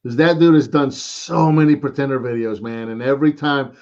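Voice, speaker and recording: A man's voice: medium pitch, steady tone, brisk, a little mellow. Chatty American man on muffled stream audio. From United States. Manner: chatty, rambling, says "man" often. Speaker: co-host. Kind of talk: casual live chat.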